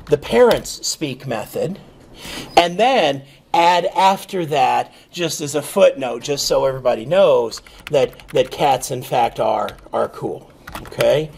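A man teaching programming in a relaxed, screen-recorded lecture, thinking aloud with fillers and checking in with "okay?". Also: mid-range voice, creaky, slight background noise. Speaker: programming instructor.

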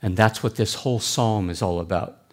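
A man giving a sermon in a church, speaking. His delivery is earnest and deliberate, plain and explanatory. His voice sits fairly low. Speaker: pastor.

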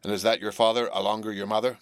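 A man doing a gruff, menacing escaped convict. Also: on the low side, level tone, fast, no room sound, studio quality, natural voice. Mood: threatening. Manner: gruff, barking, threatening.

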